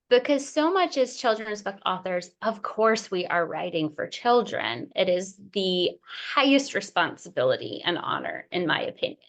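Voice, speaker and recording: A middle-aged woman author in a casual interview, talking emotionally and effusively, with many pauses and fillers. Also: medium pitch, fairly bright tone. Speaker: picture book author, guest.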